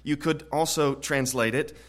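A man preaching an expository sermon in an earnest way, often repeating words and growing louder on key points. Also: on the high side, fairly even intonation, moderate pace. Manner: earnest, frequent word repetitions, swells louder on key points.

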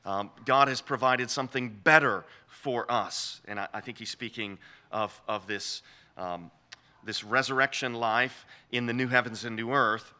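A man giving a measured lecture on scripture, explaining the text step by step and often restarting his phrases. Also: mid-range voice, bright, forceful tone. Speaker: Bible teacher.

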